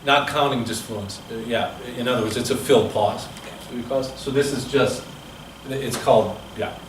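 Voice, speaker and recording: A man's voice: medium pitch, moderate pace, noisy background. A male speaking coach leading a seminar, explaining measurements in a chatty, explanatory way and answering questions. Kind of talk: seminar lecture. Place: seminar room. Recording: echoey room, from a distance.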